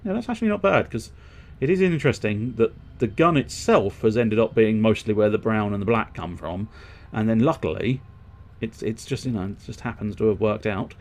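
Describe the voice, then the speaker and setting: A man with a fairly low, darkish voice streams a video game at a moderate pace. Customizing his gear, he rambles and swears while thinking out loud, in casual let's-play commentary.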